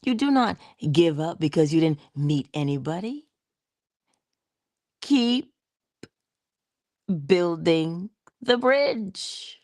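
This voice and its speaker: A woman giving a spiritual motivational talk in a soft-spoken way, often dropping into whispers, with playful, affectionate asides. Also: lowish voice, expressive, slow, pauses often, no room sound, clean studio sound. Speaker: inspirational speaker.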